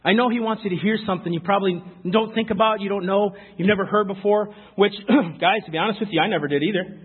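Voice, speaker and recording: A man's voice: high-pitched, fairly even intonation, fast, breathy edge. A young man giving an informal, chatty speech to a live audience, telling stories earnestly and with emphasis. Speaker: speaker addressing a youth audience. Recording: tinny phone-like sound.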